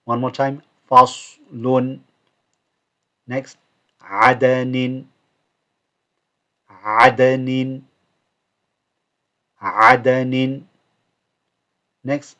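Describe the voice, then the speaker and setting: A man teaching Quran recitation, modelling each word slowly for students to repeat, with quick explanatory asides. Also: lowish voice. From United Kingdom. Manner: slow, drawn-out model pronunciation, then quick asides. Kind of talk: recorded recitation lesson, repeat after me. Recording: dull lo-fi recording.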